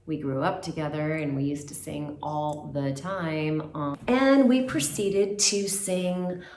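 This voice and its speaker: A woman telling her career story in a casual, animated way with chatty fillers. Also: low-pitched, slow, a little hiss or hum. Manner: animated, acts out quoted voices, chatty fillers. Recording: roomy echo.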